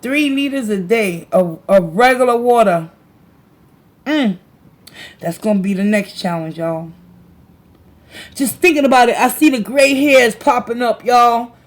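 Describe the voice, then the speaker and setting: Woman, livestream host, casual chat, slangy, laughs often, unhurried. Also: a little high. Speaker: tarot reader and livestream host.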